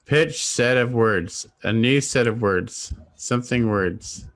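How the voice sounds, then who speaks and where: This co-host of a casual live-stream guessing game jokes as he reads viewers' guesses aloud over a video call. He talks slowly in a medium-pitched, fairly bright voice.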